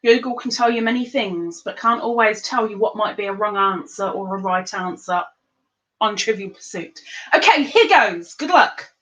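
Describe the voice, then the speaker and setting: A woman hosting a live-streamed trivia game, chatty and playful, reading the questions out slowly. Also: mid-range voice, a bit bright, highs cut off. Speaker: livestream quiz host.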